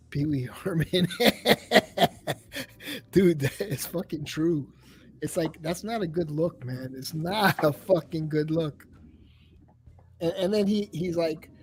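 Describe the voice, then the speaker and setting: A man hosting a livestream in casual chat, rambling and swearing as he tells stories. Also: on the high side. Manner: profane, rambling, animated storytelling. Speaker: livestream host.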